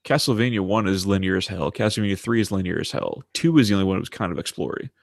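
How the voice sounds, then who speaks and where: Man, 30s, low voice, casual podcast storyteller, profane, dry close sound. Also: fast talker, no echo. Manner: animated storyteller, swears freely. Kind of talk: casual chat.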